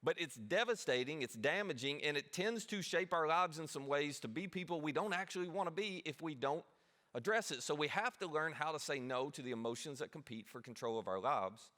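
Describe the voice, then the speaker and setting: Man, middle-aged pastor; bright, slightly high voice; conversational self-deprecating sermon delivery. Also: lively intonation, brisk.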